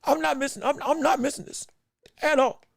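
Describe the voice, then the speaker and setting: A man hosting a live boxing podcast, talking casually and getting excitable, repeating words when he gets flustered. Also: very high-pitched, a little fast, vocal fry, no room sound, clean studio sound. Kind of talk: casual live-stream commentary.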